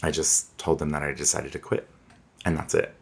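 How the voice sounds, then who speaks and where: A man's voice: a bass voice, flat delivery, moderate pace, vocal fry. A man in his thirties telling a personal story candidly and reflectively, with frequent fillers. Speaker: interviewee.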